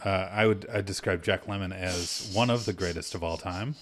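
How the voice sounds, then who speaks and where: A young man co-hosting a casual podcast chat, making dry, deadpan jokes and contrary remarks. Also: low voice, normal speed. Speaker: podcast co-host. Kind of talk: casual chat about a film.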